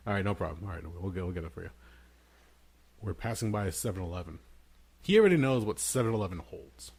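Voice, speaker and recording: A man with a fairly low voice chats casually on a podcast, spinning stories about his toddler. He breaks into a squeaky child voice for his son's lines, then drops back to his easy storytelling tone. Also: fast. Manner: animated storyteller, acts out his toddler son in a high voice. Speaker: podcast co-host.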